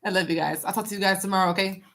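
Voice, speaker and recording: A woman's voice: medium pitch, steady tone, rapid-fire, fairly bright tone. Chatty woman reading tarot live. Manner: casual, chatty, talks to chat and repeats herself. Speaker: tarot reader streaming live.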